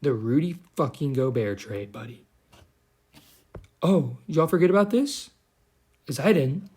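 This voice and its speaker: A man's voice: on the high side, animated, measured pace, darkish tone, slightly rough. A young man giving a heated, profane, sarcastic commentary rant as a vlogger. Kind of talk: ranting commentary.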